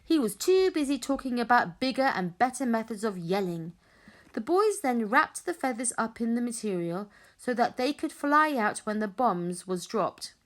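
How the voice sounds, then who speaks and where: A woman reading a children's adventure book aloud, narrating with expressive, dramatic storytelling. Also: on the high side, normal speed. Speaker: audiobook reader.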